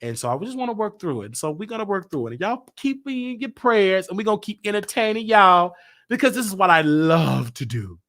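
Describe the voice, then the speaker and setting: Guy hosting his stream, heartfelt and confessional, bright voice swinging all over. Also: high voice, sing-song, a little fast. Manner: heartfelt, confessional, repeats himself. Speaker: show host. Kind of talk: candid personal livestream talk.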